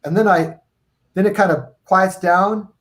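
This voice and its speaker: A man on a video call stream, telling tour stories in an animated, rambling, profane way. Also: sits high, measured pace. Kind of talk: casual storytelling on a live video stream.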